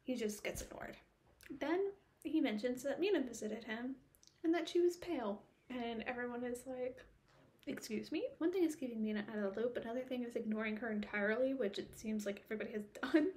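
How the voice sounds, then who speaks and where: Ranting woman with a high voice. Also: brisk, darkish tone. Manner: exasperated, ranting, full of rhetorical questions. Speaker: book vlogger. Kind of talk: casual book recap.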